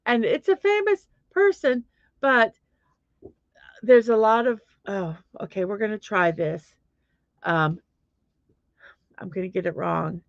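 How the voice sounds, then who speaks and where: A woman's voice: medium pitch, animated, slow pace, long pauses, no room sound. A woman hosting a casual morning livestream, chatty and self-deprecating, greeting viewers by name as they arrive. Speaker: livestream host. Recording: dry, slightly muffled lo-fi audio.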